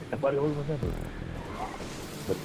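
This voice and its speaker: A man with a slightly raised voice rambles through crude anecdotes while he streams a racing game. The game's engine noise runs clearly beneath his talk. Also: on the high side, steady tone, moderate pace. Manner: rambling, crude, laughing at his own stories. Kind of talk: casual storytelling while gaming.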